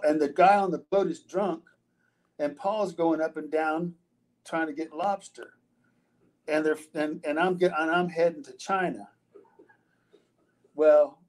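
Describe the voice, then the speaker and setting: A man's voice: on the high side, darkish tone, poor audio. Rambling older man telling stories. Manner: rambling, profane, frequent restarts and fillers. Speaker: interview guest, retired wrestler. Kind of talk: casual storytelling interview.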